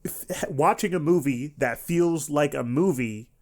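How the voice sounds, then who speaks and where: A man streaming an anime reaction, talking casually and rambling with frequent restarts and animated outbursts. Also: on the high side, a little slow.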